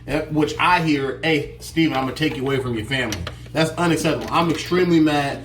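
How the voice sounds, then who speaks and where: Man, casual chat, emphatic, repeats himself, echoey room, faint hum behind. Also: mid-range voice. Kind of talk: casual story time chat.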